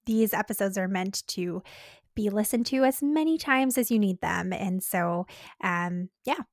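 A woman co-hosting a podcast, speaking in a gentle, reflective way and often checking in with "right?". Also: mid-range voice, measured pace, no echo, clean studio sound. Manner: gentle, reflective, says "right?" and "you know". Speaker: podcast co-host. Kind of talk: casual podcast chat.

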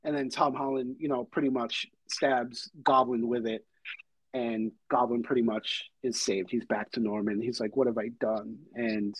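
A man hosting a podcast, excitedly retelling a film scene by scene in casual chat with lots of fillers. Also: mid-range voice, normal speed, breathy edge, dry recording, rough recording. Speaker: podcast host. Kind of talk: casual movie recap chat.

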